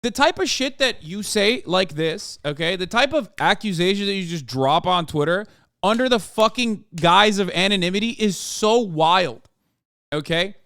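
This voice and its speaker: An American man in his thirties rants on a livestream, cursing freely and sounding fed up. His voice sits high and comes across smooth and clean. The sound is dry and close, with no room around it. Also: expressive, moderate pace, fairly bright tone, dry recording. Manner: profane, exasperated ranting. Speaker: political commentary streamer. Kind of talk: livestream commentary.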